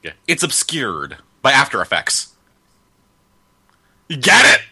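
A man riffing on a film as it plays, firing off wisecracks and mock-dramatic asides. His voice is bright and edgy, and it swoops wildly from low mutters to high exclamations. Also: huge pitch swings, slow, slightly rough, no echo, clean studio sound. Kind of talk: joking commentary over a film.

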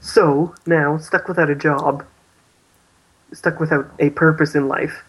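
A man's voice: a little high, steady tone, measured pace, husky, rough recording. A man co-hosting a casual podcast, hesitantly recapping a story and laughing often. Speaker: podcast co-host.

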